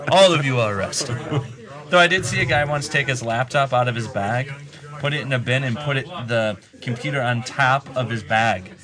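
A man's voice: mid-range voice, moderate pace, crowd noise. A man co-hosting a podcast in casual, jokey chat, swearing and laughing often. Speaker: podcast co-host.

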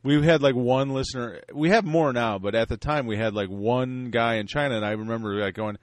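A man's voice: mid-range voice, brisk, dry recording. A male podcast co-host in loose banter, rambling and poking fun at himself between bits of listener mail. His voice sits mid-range, and the recording is dry and close to the mic. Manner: rambling, self-deprecating, frequent restarts.

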